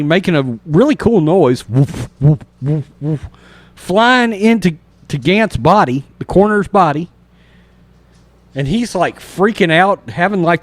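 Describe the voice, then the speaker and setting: A man with a slightly higher-than-usual voice hosts a casual horror movie podcast. He recaps scenes in an excited, animated way, mimicking sound effects as he goes. His voice sounds dry and close, with no room around it. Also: no echo. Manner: animated storyteller, imitates sounds and acts out reactions. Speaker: podcast host.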